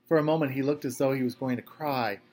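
A man's voice: mid-range voice, fast talker, a little mellow. A man, a teacher, reading a novel aloud to his class in a casual, conversational voice. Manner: casual, conversational first-person narration.

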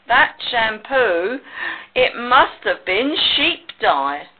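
A woman's voice: fairly high pitch, sing-song, very slow, husky, heavily acted. A woman voicing a well-meaning sheep who speaks sheepishly and hesitantly, on a tinny recording.

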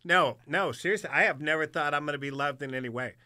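A man telling stories as a guest in casual chat, animated and profane, laughing often. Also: fairly high pitch, fast, dry recording, clean studio sound.

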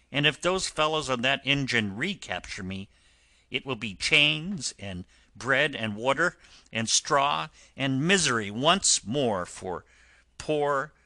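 A man voicing a boastful male toad gentleman who pleads and pities himself, in an audiobook reading. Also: mid-range voice, no echo, exaggerated voice. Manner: pleading and self-pitying. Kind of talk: audiobook character voice.

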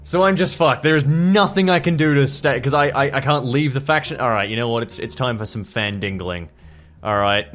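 A man with an Australian accent giving casual, animated gameplay commentary, swearing and exclaiming in disbelief. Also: medium pitch, brisk, faint music behind. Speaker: gaming YouTuber. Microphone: desk condenser mic, overdriven.

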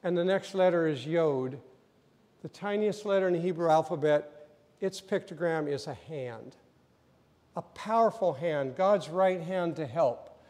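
A man preaching a sermon as pastor, telling the story vividly and acting out scenes, sometimes rising to loud emphasis. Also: on the high side, unhurried, big-room sound. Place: church sanctuary.

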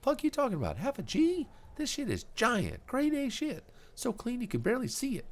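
Man voicing a foul-mouthed teen boy dealer, high-pitched, jumpy, strained voice. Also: huge pitch swings, a little fast, full character voice. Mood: aggressive. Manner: shouty, talks about himself in third person. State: strained, worn voice.

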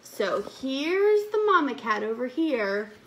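Lively high-voiced woman reading to kids. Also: takes it slowly. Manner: animated, coaxing children to count along. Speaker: preschool teacher. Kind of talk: reading a picture book aloud to young children.

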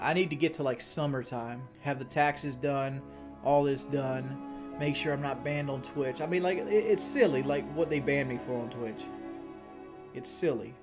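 A man talking casually on a live stream, venting his frustration, swearing a lot and often restarting his sentences. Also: mid-range voice. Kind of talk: casual live-stream talk, answering chat.

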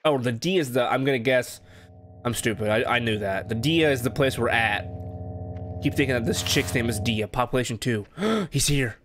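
A man's voice: medium pitch, animated, moderate pace, fairly bright tone. A man commentating on a horror game as he plays, talking to himself and yelping at scares. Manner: jumpy, talks to himself, yelps. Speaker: gameplay commentator. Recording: game music under voice.

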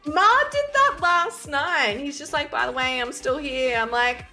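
A bubbly woman chats as a podcast guest. Her voice is bright and fairly high, with lively swings. She teases playfully over faint music. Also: normal speed. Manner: bubbly, playful, swears casually. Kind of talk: casual chat.

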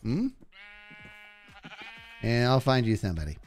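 This is a live game stream in which a man talks casually to his chat and to the animals on screen. He speaks at a measured pace with a medium pitch and lively intonation, and soft background music plays.

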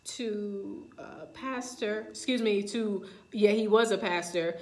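A woman's voice: mid-range voice, takes it slowly, a little mellow. Chatty woman in an echoey room. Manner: informal, chatty, addresses viewers directly. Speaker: spiritual reader. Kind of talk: live-streamed spiritual talk and ritual. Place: indoor room. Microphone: camera. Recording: echoey room, faint background noise.

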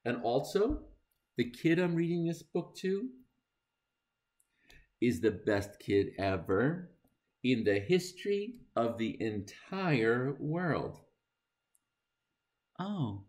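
Middle-aged man, animated read-aloud for kids, slow and wildly expressive, silly sounds. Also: medium pitch. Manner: playful, mock-dismayed, bursts of silly sounds. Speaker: reader of a children's book.

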